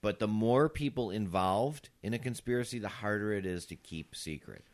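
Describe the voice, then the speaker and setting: A man's voice: fairly low pitch, lively intonation, moderate pace. A man co-hosting a casual podcast, reasoning aloud and arguing his points through rhetorical questions. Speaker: podcast co-host.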